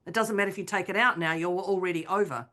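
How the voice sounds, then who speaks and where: A woman's voice: fairly low pitch, fast. A woman, co-hosting a podcast and telling a personal story in casual chat, acting out what she and others said. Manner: animated storyteller, acts out her own quotes. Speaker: podcast co-host.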